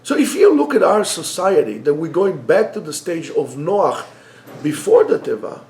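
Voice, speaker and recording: A man's voice: on the high side, moderate pace, echoey room. A middle-aged man teaching an informal Torah lesson, joking and telling stories conversationally. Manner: animated storyteller, joking, conversational. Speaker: rabbi teacher.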